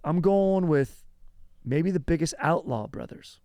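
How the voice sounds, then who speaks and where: A man's voice: a little high, animated, a little slow, dark tone, no room sound. A man hosting a comedy history podcast, talking loosely and rambling with lots of fillers and casual slang.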